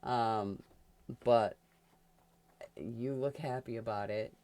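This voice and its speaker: A woman giving a casual tarot reading, chatty and quick to laugh, talking straight to the sign she reads for. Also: a bass voice, mellow. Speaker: tarot reader.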